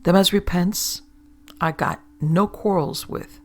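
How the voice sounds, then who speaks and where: A stern old mother, voiced by a woman reading a storybook tale, scolding and reproachful toward her wayward son. Her voice is pitched up from the narration, with a gravelly, breathy grain. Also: slow pace.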